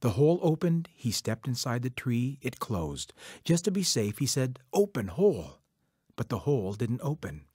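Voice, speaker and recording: A man telling a traditional folk tale in a rhythmic, repetitive, measured way. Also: medium pitch, very animated, darkish tone, husky, no room sound, clean studio sound. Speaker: storyteller. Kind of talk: oral folk-tale storytelling.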